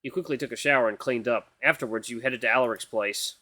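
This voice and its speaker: A man reading a visual novel aloud with playful, animated asides. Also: mid-range voice, quick pace, dry recording.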